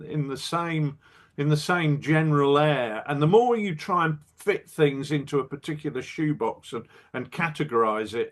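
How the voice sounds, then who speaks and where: A man's voice: a little high, a bit bright. An older man who designs wargame rules, chatting on a podcast in a blunt, wry way, often restarting his sentences. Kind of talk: casual podcast chat.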